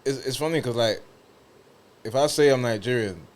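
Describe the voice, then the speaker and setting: A man's voice: mid-range voice, moderate pace. A young man chatting on a podcast, asking questions and reacting with murmurs. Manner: inquisitive, many listening murmurs. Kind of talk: casual chat.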